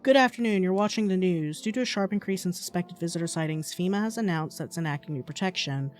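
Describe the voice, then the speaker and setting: A woman voicing a television news anchor with an even, formal read. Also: fairly low pitch, fast, faint music behind, natural voice.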